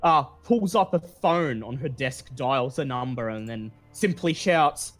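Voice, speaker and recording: Slow, laid-back male game master. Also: mid-range voice, animated, faint music behind. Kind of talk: narrating a tabletop game.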